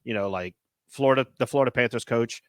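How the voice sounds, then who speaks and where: Animated rambling man in dry sports chat. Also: medium pitch, quick pace, clear, resonant tone, no echo. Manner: animated, rambling, heavy use of filler words. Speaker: podcast host.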